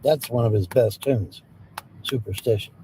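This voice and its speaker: A man's voice: medium pitch, normal speed, warm tone, a little hiss or hum, low-quality recording. A man hosting a livestream, joking playfully with his viewers and drifting into bits of song. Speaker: livestream host and singer. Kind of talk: casual chat with live viewers.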